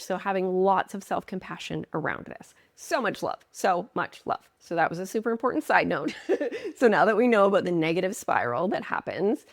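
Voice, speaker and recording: A woman's voice: mid-range voice, no echo, studio quality. A woman speaking as a marriage coach in an earnest, emphatic way, with playful asides. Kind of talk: direct-to-camera coaching talk.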